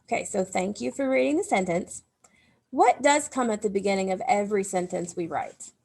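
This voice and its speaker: A woman's voice: medium pitch, moderate pace, vocal fry, darkish tone, husky. A woman teacher giving a recorded grammar lesson to young children, explaining step by step in a patient way. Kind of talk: recorded remote phonics lesson.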